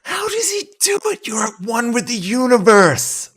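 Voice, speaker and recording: Shrill squeaky cheering onlooker, gushing, marvelling. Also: male voice, very animated, unhurried, fairly bright tone, slightly rough, full character voice. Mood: awestruck.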